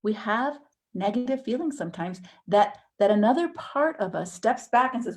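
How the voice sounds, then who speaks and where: A woman teaching a counseling course in a conversational way, acting out inner thoughts with sudden jumps in pitch. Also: expressive, moderate pace.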